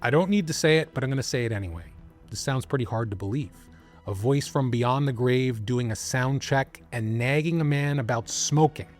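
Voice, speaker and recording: A man's voice: mid-range voice, normal speed, soft background music. A man narrating a scripted documentary with dramatic storytelling and asides to the listener.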